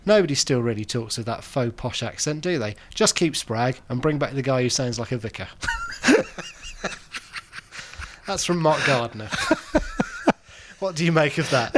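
Teasing podcast co-host man, lively voice. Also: medium pitch, slow, long pauses, crowd noise. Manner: teasing, reads out listener questions. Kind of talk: casual chat.

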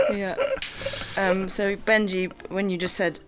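A woman's voice: medium pitch, sing-song, takes it slowly, background noise. A young woman in her twenties, an actress and podcast guest, chatting enthusiastically with giggles and hesitant fillers. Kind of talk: casual chat.

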